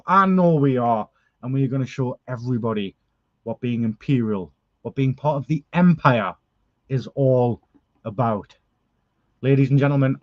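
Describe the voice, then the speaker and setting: Earnest wrestling manager. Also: male voice, mid-range voice, no echo, dull audio. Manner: dramatic, earnest, emotional outbursts. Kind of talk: wrestling promo show.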